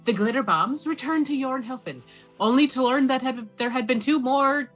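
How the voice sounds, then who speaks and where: A woman narrating a tabletop game as dungeon master, halting with many fillers. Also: high-pitched, a bit bright, soft background music.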